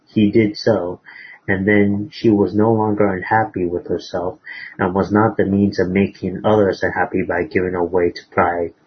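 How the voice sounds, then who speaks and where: A man preaching, retelling a moral story in a halting way with many fillers and restarts. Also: low voice, flat delivery, slightly rough. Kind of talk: sermon storytelling. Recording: dull lo-fi recording.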